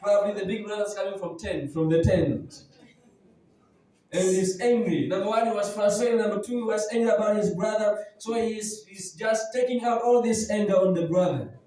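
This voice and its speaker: Pastor preaching, really high voice, mellow tone, big echoey church, sounds far from the mic. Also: male voice, moderate pace, a little hiss or hum. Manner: retells a Bible story dramatically, acting out the characters. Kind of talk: sermon. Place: church hall.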